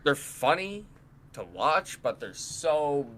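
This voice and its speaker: Bright-voiced young man telling stories. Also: fairly high pitch, slow. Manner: animated storytelling, acts out quotes, swears. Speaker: podcast co-host and streamer. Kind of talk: casual chat.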